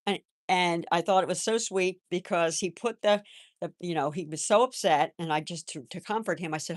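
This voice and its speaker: An older woman hosting a live stream, chatting in a gentle, rambling way and answering viewers' comments. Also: lowish voice, moderate pace, no room sound, studio quality. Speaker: livestream host. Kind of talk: casual live-chat talk.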